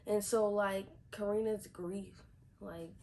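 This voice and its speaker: A woman's voice: mid-range voice, fairly even intonation, slow pace, darkish tone, slight background noise, rough recording. A woman reviewing a TV episode in a casual vlog, chatty, repeating herself with lots of fillers. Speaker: TV show reviewer.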